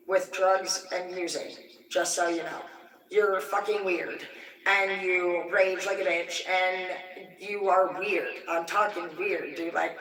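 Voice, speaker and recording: A woman's voice: on the low side, sharp tone. A woman on a livestream, ranting in a heated, vulgar, rambling way. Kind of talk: profane angry rant on a livestream. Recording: echoey room, distant from the mic.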